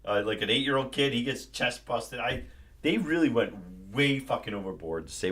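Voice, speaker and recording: A man's voice: on the low side, fairly quick, fairly bright tone. A man hosting a live stream, ranting casually and profanely about a movie. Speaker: livestream host.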